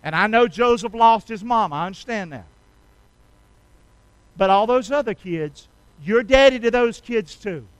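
A middle-aged man preaching a sermon, calling on the congregation to repeat lines with him and rising loud on key phrases. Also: sits high, animated, a little slow, long pauses, clean tone, dry recording, poor audio. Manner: call-and-response preaching, asks congregation to repeat. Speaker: pastor.

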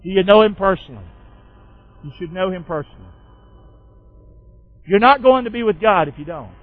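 Man pastor, high voice, folksy call-and-response sermon, muffled lo-fi recording. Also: expressive, fairly quick, no room sound, soft background music.

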